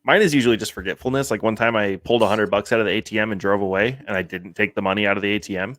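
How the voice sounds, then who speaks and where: Easygoing low-voiced man on a dry mic. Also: steady tone, very fast, fairly bright tone, no room sound. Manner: easygoing, laughs along. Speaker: podcast host. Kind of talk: casual chat.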